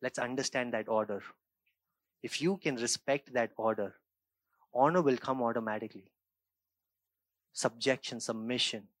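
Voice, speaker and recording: A man preaching a sermon as pastor, moving between quiet reflective passages and raised emphatic points, checking in with "right?" and "okay?". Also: medium pitch, fairly even intonation, moderate pace, pauses often, dry recording.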